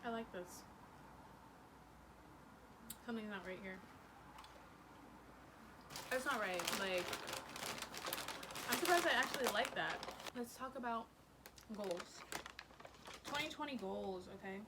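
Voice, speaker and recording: A woman's voice: mid-range voice, takes it slowly, pauses often. A young woman chatting casually on her vlog, bubbly and rambling with lots of "like"s, recorded in a car. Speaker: vlogger. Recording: steady background noise, vehicle sounds.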